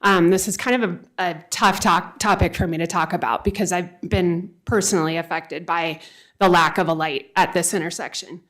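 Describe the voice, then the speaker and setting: A woman in her forties giving unprepared public comment at a city council meeting, earnest and halting, with many restarts. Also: fairly low pitch, fairly even intonation, fairly bright tone, poor audio. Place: council chamber, speaking at a podium.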